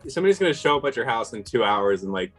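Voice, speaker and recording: A man co-hosting a casual commentary chat, relaxed and amused, rambling with fillers. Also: medium pitch, very fast, faint music behind. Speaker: co-host.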